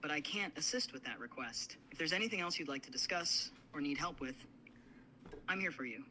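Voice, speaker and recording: A synthetic male assistant voice, pitched a little high and very bright. It answers in a polite, apologetic and formal way, with faint noise in the background. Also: fairly quick, poor audio. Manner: apologetic, even-toned and formal.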